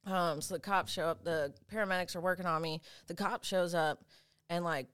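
A woman guest on a podcast, telling a story in a casual, animated way, full of fillers and quick laughs. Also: fairly low pitch, clean tone.

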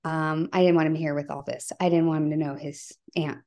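A middle-aged woman with a slightly low-pitched voice speaks as a podcast guest. She tells her story in an earnest, halting way, restarting sentences and filling gaps with "you know" and "like.". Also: steady tone, mellow. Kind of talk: conversational interview storytelling.

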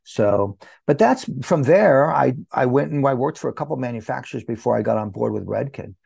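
An older man, a hair educator, guest on an interview, telling his story with animated storytelling and acted-out dialogue. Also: medium pitch, fairly quick, creaky, husky, no room sound. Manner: animated storyteller who acts out quoted dialogue.

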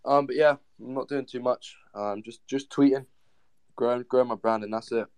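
A laid-back man chats in an online audio room, hesitant and filling pauses with ums. His voice sits at an ordinary middle pitch. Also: fairly even intonation, darkish tone, clean tone. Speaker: listener invited to speak. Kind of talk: casual group audio chat.

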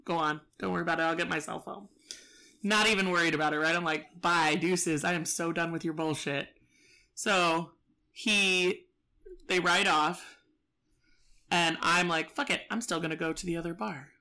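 A woman's voice: fairly low pitch, steady tone, moderate pace, gravelly, bright, forceful tone. A woman telling a story in casual chat, profane and exasperated, acting out both sides.

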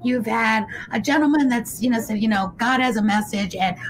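A woman's voice: fairly high pitch, moderate pace, slight background noise, poor audio. A woman hosting an interview show, talking with her guest in an enthusiastic, effusive way. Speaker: show host. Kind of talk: conversational interview.

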